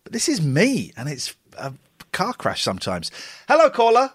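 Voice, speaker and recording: Broadcasting solo from a cold room in his home, a radio host in his forties chats through a late-night show, rambling and running himself down. His voice is high and husky, swooping wildly in pitch at a moderate pace.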